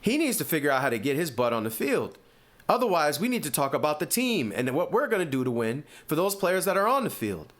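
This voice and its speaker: A man with an East Coast American accent hosting a sports podcast, giving opinionated, animated commentary full of rhetorical questions. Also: on the high side, fairly quick. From US Northeast.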